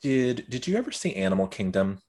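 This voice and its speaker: A man co-hosting a casual podcast over a video call, laughing often and speaking in quick bursts. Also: fairly low pitch, sing-song, warm tone. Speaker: podcast co-host. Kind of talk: casual chat.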